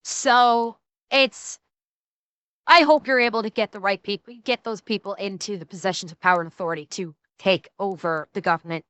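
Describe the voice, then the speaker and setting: Bright-voiced woman chatting on stream. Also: medium pitch, smooth, no echo. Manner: chatty, laughs along. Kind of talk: casual reaction commentary.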